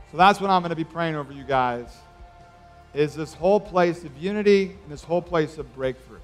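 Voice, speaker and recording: A man preaching a sermon, telling a story in a casual, rambling way with lots of fillers. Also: a little high.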